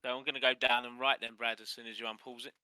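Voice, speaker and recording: A man's voice: mid-range voice, little pitch movement, fast, bright, forceful tone, clear, resonant tone, no room sound. A man playing a tabletop game, chatting casually and asking short questions. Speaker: player.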